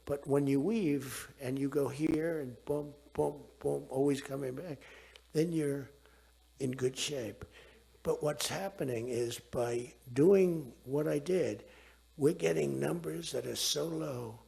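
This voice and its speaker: A man's voice: a little high, slow, vocal fry, mellow, husky. A man in his seventies giving a rambling speech, digressing and repeating himself.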